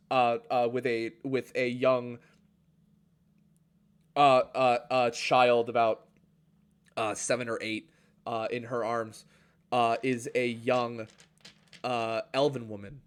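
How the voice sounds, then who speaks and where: A man narrating a tabletop game as game master, halting and filling his pauses with "uh" and "um". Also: mid-range voice, steady tone, clear, resonant tone. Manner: halting, full of fillers and restarts.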